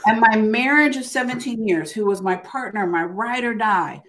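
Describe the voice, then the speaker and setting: This older woman, an author being interviewed, has a voice on the high side, a bit bright, at a moderate pace. She relates her story in a casual, emphatic way, tagging "right?" onto her sentences again and again.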